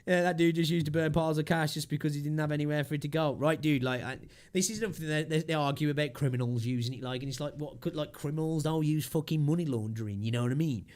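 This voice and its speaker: A man's voice: on the high side, a little mellow. A young man ranting casually on a livestream, swearing constantly and rambling with fillers, with a slightly sore throat. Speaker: streamer.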